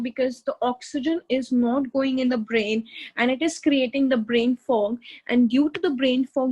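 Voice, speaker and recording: A woman's voice: high voice, a little mellow, highs cut off. A woman giving a motivational self-help talk, earnestly explaining and repeating key words. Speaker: motivational speaker.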